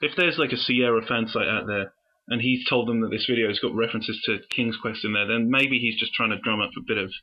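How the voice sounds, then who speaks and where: A man's voice: medium pitch, quick pace. A man co-hosting a podcast in playful casual chat, often restarting his sentences. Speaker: podcast co-host. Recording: dull muffled audio.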